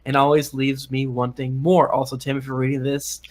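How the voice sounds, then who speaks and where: A man hosting a podcast stream, reading listener reviews aloud in a jokey, halting way with many fillers. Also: medium pitch, completely flat delivery. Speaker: podcast host.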